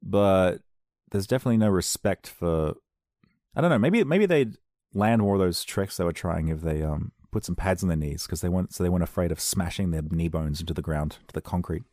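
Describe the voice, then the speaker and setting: A man's voice: low-pitched, fairly quick, darkish tone, dry recording, studio quality. A man hosting a podcast, talking in a casual, rambling way, joking at his own expense and drifting into silly bits. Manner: jokey, self-deprecating, slips into silly voices. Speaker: podcast host.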